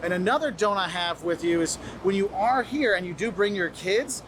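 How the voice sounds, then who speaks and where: A man's voice: high voice, normal speed, noisy background. A man giving friendly, instructive travel advice to camera, sometimes acting out what locals say. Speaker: travel video host. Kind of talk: advice video, spoken to camera.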